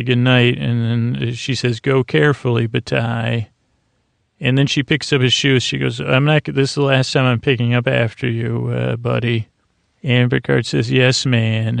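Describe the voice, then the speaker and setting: Male podcast host, casual recapper, rambly and flat-voiced, recorded dry. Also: mid-range voice, creaky, no room sound. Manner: rambling, many fillers and restarts, paraphrases dialogue loosely.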